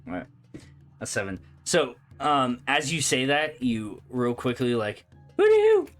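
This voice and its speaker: A man's voice: medium pitch, unhurried, fairly bright tone, faint music behind. A man narrating a tabletop game as dungeon master, talking casually with lots of fillers.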